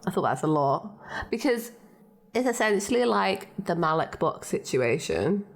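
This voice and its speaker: A woman co-hosting a podcast in casual chat, lively and chatty, often laughing. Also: on the low side, normal speed, vocal fry. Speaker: podcast co-host.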